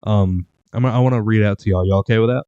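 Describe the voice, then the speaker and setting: A man's voice: lowish voice, fast, dark tone, clean tone, dry recording, muffled recording. A young man co-hosting a podcast, casually telling a rambling story. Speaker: podcast co-host.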